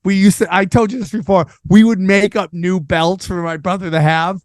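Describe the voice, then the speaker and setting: High-voiced man telling animated stories. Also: moderate pace, no echo, clean studio sound. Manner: animated, acts out quotes with voices. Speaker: podcast host. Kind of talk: casual storytelling chat.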